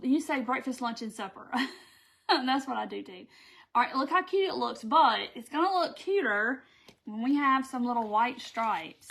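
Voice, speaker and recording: A woman's voice: fairly high pitch, lively intonation, normal speed, creaky, fairly bright tone. Chatty Southern woman hosting a craft stream. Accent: Southern American. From Southern United States. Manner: chatty, reads viewer comments aloud. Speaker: craft tutorial host. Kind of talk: casual live-stream crafting chat.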